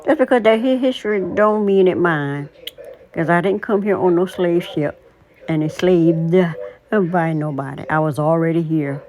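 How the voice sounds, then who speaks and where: Slow, low-voiced woman in her sixties. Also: darkish tone. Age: 60s. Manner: deliberate, emphatic, opinionated. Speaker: vlogger. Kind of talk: casual monologue.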